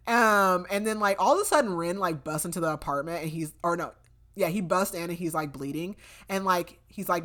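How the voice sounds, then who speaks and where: A young woman co-hosting a podcast casually recaps a novel's plot, rambling along with lots of fillers and quoted dialogue. Her voice is on the low side and fairly bright, with lively intonation at a normal speed.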